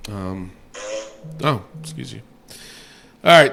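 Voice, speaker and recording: A man co-hosting a casual podcast, reading listener ratings aloud in a loose, profane way that swings from mumbling to yelling. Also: mid-range voice, big pitch swings, slow, gravelly, pauses often.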